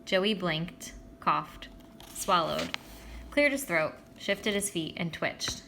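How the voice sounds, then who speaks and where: A woman's voice: fairly low pitch, takes it slowly, gravelly, a little hiss or hum. Woman reading a children's novel aloud. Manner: expressive, voices the characters. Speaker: audiobook reader.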